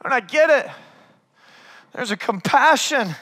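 A pastor preaches a sermon in a conversational, animated style, swinging between loud and hushed and often calling his listeners "man." His voice is very high and unhurried.

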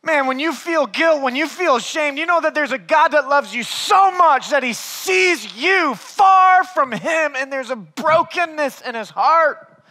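High-voiced, forceful preaching man. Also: a little slow. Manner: conversational, animated preaching that swings between loud and hushed; calls listeners "man". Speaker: pastor. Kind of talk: sermon.

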